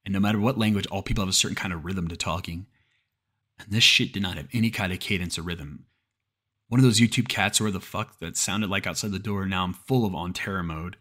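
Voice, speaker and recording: A man's voice: low voice, brisk, bright, forceful tone. A man narrating a creepypasta horror story in a cursing, casual way, often restarting mid-sentence.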